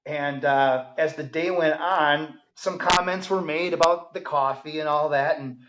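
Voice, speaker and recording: A man's voice: fairly high pitch, fairly even intonation, measured pace, a bit bright. A man, a firefighter guest on a podcast, telling stories in a casual, enthusiastic way. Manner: enthusiastic storyteller, many ums and restarts. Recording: dull lo-fi audio.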